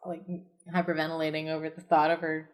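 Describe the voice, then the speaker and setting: A woman's voice: low-pitched, monotone, quick pace. A woman reading a choose-your-own-adventure story aloud on a podcast, breaking off into sarcastic joking asides. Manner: giggly, sarcastic. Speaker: podcast reader.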